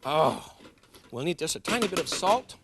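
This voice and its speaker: Cooking show host, middle-aged man, slightly high and very animated, chatty and self-mocking. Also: normal speed, noisy background. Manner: chatty, jokes with viewers, laughs at himself. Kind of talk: cooking demonstration. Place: studio kitchen.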